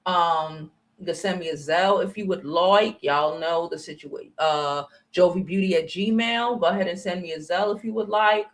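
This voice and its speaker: A woman from the United States hosting her own channel, ranting on a livestream in a blunt, profane, confrontational way, swinging between loud outbursts and low muttering. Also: moderate pace, hardly any pauses. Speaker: channel host. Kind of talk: livestream commentary rant.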